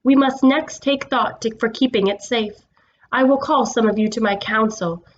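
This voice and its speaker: A woman reading as a slow, solemn lion king. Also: a little high, dull audio, a little hiss or hum, close to an everyday voice. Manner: slow and measured.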